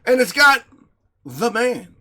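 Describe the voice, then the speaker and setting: A man co-hosting a podcast in his home studio, an animated, crude storyteller who laughs often. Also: extremely high pitch, slow. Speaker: podcast co-host. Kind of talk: casual chat.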